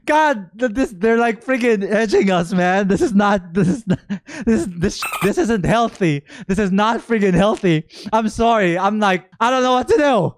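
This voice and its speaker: A young man from the Philippines reacting live to a game stream, exclaiming, shouting and swearing as his voice cracks. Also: high voice, animated, normal speed, hardly any pauses, noisy background. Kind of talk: excited live reaction commentary.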